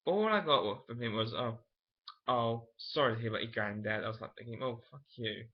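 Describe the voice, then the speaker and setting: A young man talks straight to camera, candid and meandering, often stopping to correct himself. His voice sits at an ordinary middle pitch. The sound is a little dull and lo-fi, like a home video. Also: lively intonation, brisk. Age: late teens. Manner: rambling, many fillers and self-corrections, candid. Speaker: vlogger. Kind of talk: casual personal storytelling to camera.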